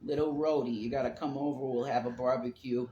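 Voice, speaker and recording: A man's voice: medium pitch, fairly even intonation, fairly quick, dark tone, lo-fi sound. A man co-hosting a podcast in casual chat, laid-back and joking, with some swearing. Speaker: podcast co-host. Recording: echoey room, faint background noise.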